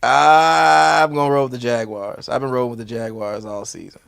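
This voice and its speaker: A man's voice: mid-range voice, steady tone, moderate pace, creaky, a bit bright, clean tone. A man co-hosting a casual sports podcast, reading out matchups and making picks with frequent laughs. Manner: laughs often, short reactions, reads out matchups.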